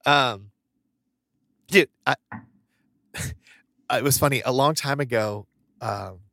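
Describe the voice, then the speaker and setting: A man's voice: medium pitch, slow, creaky, bright, forceful tone, no echo, studio quality. Chatty laughing male podcast host. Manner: chatty storyteller, laughs often. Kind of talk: casual podcast chat.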